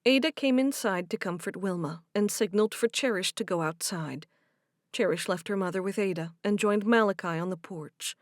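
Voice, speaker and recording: A woman reading a romance audiobook in even, measured scripted narration. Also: mid-range voice, no echo, clean studio sound.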